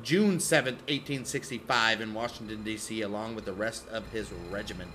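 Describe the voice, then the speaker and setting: A man's voice: on the low side, fairly quick, background noise. A man co-hosting a casual history podcast, joking around and swearing as he chimes in. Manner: joking, chimes in with silly voices and laughs. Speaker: podcast co-host. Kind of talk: casual profane history chat.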